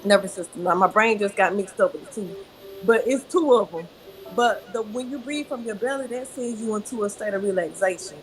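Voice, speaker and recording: A woman yoga teacher guiding a breathing exercise, speaking calmly and instructively and answering politely. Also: medium pitch, fairly quick, poor audio. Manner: calm, instructive, says "yes, ma'am".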